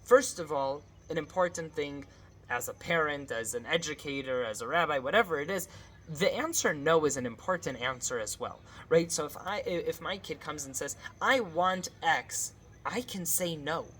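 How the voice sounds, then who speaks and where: A woman's voice: low-pitched, lively intonation, moderate pace, fairly bright tone, a little hiss or hum. A woman teaching a casual spoken lesson, conversational and earnest, often checking in with a questioning "right?" and turning pleading when she voices prayers.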